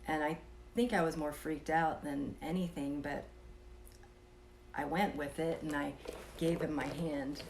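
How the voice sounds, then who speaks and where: Woman, low voice, slow unhurried pace, soft-spoken, casual storytelling, drops into whispers. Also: fairly even intonation, slight background noise. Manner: soft-spoken, drifting into whispers, chuckling between thoughts. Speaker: vlogger telling a personal experience.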